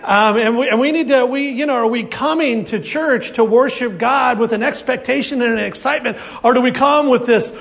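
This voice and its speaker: A man preaching a sermon at a church service, lively and acting out the voices of his congregation. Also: very high voice, normal speed. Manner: animated, acts out congregation voices. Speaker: pastor.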